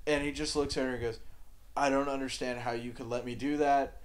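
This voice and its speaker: A man's voice: little pitch movement, a little fast. Crude laid-back male podcast storyteller. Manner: laid-back, profane, often drops to a low mumble. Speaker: podcast co-host.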